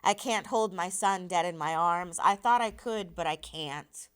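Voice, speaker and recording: A woman voicing a weary, dying father who quietly reassures his son, while reading a novel aloud. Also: fairly low pitch, measured pace, smooth. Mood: urging.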